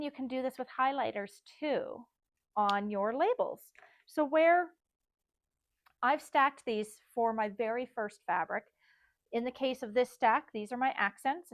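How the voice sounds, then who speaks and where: A woman's voice: a little high, no room sound. A woman designer teaching a casual step-by-step sewing tutorial, chatting and thinking aloud as she works.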